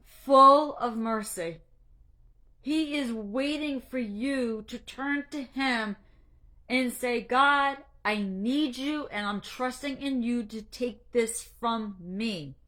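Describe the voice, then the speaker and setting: Slow emotional woman coach, kinda high voice, halting faith pep talk, restarts a lot. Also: a bit bright. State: emotional, near tears. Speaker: anxiety coach. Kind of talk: faith-based encouragement talk.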